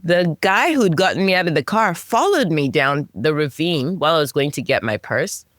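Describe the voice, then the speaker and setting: A woman guest on a podcast interview, telling a personal story in an animated way, with many restarts and self-corrections. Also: normal speed, no echo, studio quality. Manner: animated storytelling, pitch jumps on emphasis.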